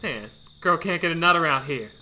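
A man gaming with friends in casual voice chat, crude and joking, yelling at teammates. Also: fairly high pitch, animated, brisk, poor audio. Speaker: gamer playing with friends.

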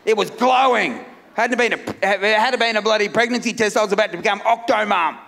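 A middle-aged Australian man doing a loud, brash stand-up comedy set on a festival stage, laughing at his own jokes. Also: high-pitched, brisk, gravelly. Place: comedy festival stage before a live crowd. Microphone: stage microphone.

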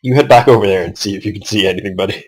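A man's voice: on the low side, rapid-fire, rough recording. A young man giving casual commentary on his own strategy game match, swearing often and venting at his opponent.

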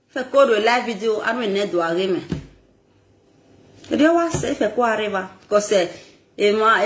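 A woman's voice: fairly high pitch, echoey room. A Nigerian woman ranting on a live video, scolding and laughing as she talks. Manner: animated, scolding, laughs often. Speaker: social media personality.

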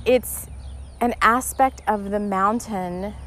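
A woman's voice: mid-range voice, slow pace, fairly bright tone. A woman hosts a spiritual podcast in a loose, heartfelt ramble. She talks earnestly, often stopping to restart her thought. A faint hum of background noise sits behind her. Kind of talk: casual spiritual guidance talk.

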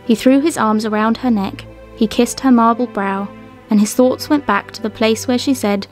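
A woman, co-host of a craft and history show, reciting an old poem in a measured way and then narrating its history. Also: fairly high pitch, darkish tone, soft background music.

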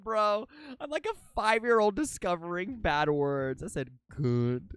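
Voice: mid-range voice, big pitch swings, slow, clean tone, no echo. A live streamer in casual chat, giggly and goofy, repeating silly words over and over.

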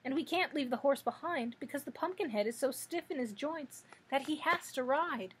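A woman's voice: high-pitched, lively intonation, moderate pace, a little hiss or hum, voice pushed up. A woman voicing an earnest young boy who is easily provoked, in a storybook reading.

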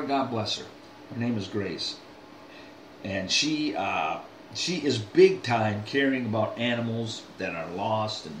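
A man's voice: on the low side, noisy background. An older man talking straight to his viewers in a folksy, rambling way, full of restarts and asides. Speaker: vlogger. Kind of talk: casual rambling monologue. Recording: echoey room, faint ambience.

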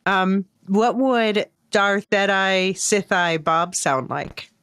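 A woman's voice: mid-range voice, slow, fairly bright tone, clear, resonant tone. A woman hosting a podcast, chatty and explanatory, talking casually with a guest. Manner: chatty, explains terms, laughs easily. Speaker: podcast host.

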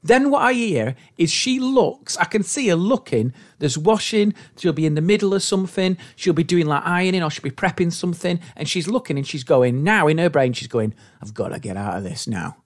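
A man's voice: sits high, brisk, few pauses. A man co-hosting a comedy podcast, telling stories in casual chat and acting out voices of his family. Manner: animated storytelling, acts out voices of family.

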